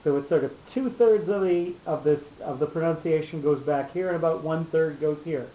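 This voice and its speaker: A man's voice: a little high, brisk, slight background noise. A man teaching a class on Torah cantillation, explaining patiently step by step and restarting his sentences often. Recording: echoey lo-fi room recording.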